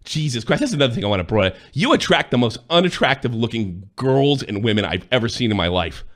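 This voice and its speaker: An angry man in a profane, accusing rant, sometimes shouting. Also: mid-range voice, very animated, quick pace. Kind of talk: heated rant.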